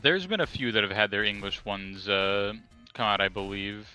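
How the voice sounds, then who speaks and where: A man's voice: on the low side, moderate pace, pushed and bright, clear, resonant tone, faint music behind. A young man in casual chat with friends, quizzing them on monster trivia with enthusiasm and plenty of swearing.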